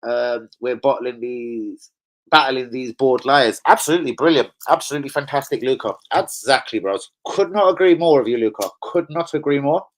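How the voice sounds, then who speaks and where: A man's voice: mid-range voice, normal speed. A man ranting angrily on a live stream as a football fan streamer, swearing heavily and getting worked up. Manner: angry, profane, heated.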